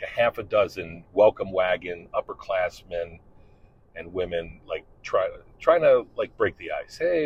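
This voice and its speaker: A middle-aged man with a very low, husky voice tells a story in a loose, rambling way. He talks candidly and swears freely. The recording sounds dull and lo-fi. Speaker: podcast host and father. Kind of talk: casual storytelling monologue.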